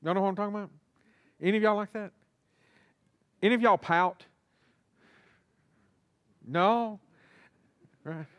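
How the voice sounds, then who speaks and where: A man's voice: sits high, unhurried, pauses often, fairly bright tone, clear, resonant tone, dry recording. Pastor guy preaching, acts out little back and forths, talks right to the pews, pretty dry sound. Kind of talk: sermon. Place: church sanctuary.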